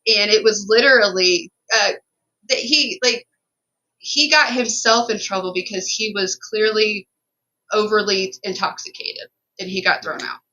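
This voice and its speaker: A woman's voice: medium pitch, unhurried, pushed and bright, dull audio. A woman co-hosting a podcast, telling a story in an emphatic, profane, run-on way. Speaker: podcast co-host.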